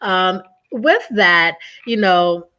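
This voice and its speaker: A woman hosts an interview in an enthusiastic, encouraging way. Her voice is a little lower than most women's. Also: lively intonation, very slow, bright, forceful tone. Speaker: interview host. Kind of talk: casual interview.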